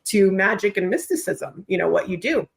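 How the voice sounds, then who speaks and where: A podcast guest, a woman with a mid-range voice, tells her story in a lively, expressive way. She is a trained actor, and she lets a curse word slip now and then in casual conversation. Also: medium pitch, moderate pace, gravelly. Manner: animated, expressive storytelling with occasional swearing. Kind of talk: casual chat.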